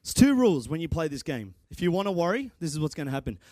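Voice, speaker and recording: A young man delivering a church sermon, his voice sitting a little high for a man. He talks in an animated, excitable way, tripping over restarts and rising into shouts. The sound is close and dry. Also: quick pace, no room sound. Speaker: preacher and church guitarist.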